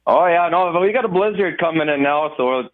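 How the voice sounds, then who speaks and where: A man's voice: a little high, expressive, a little fast. A man from Minnesota with a Minnesota accent, calling into a radio show in a folksy, easygoing way over a phone line. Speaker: caller. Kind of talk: casual phone-in chat.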